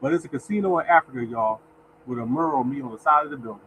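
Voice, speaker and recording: A man's voice: medium pitch, very fast, a little hiss or hum, rough recording. A man hosting a casual live lottery stream, chatting with viewers, greeting them by name and reading out winning numbers. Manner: mutters softly to himself while searching. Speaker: lottery show host.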